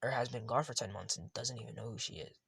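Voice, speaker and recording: A man's voice: mid-range voice, steady tone, fast, creaky, fairly bright tone, slightly rough, no echo. A man casually retelling a fan story, rambling and often correcting himself.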